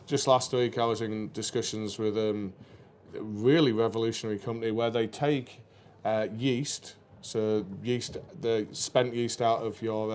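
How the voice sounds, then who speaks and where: A man's voice: mid-range voice, darkish tone, slight background noise. Chatty man hosting a brewery stream. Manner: chatty, rambling with fillers. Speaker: brewery co-host. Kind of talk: casual live stream chat. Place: brewery taproom.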